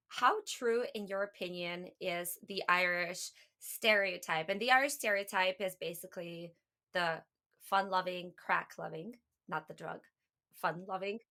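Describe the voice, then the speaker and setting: A woman hosting a podcast, introducing her guest and asking measured questions. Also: medium pitch, sharp tone. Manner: friendly, measured questions with fillers. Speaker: podcast host. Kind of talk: podcast interview.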